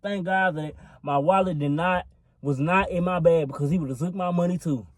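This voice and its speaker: A man's voice: a little high, moderate pace, dry recording. A young man telling a storytime vlog into his phone in a rambling, profane, filler-laden way. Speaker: vlogger. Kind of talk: casual storytime.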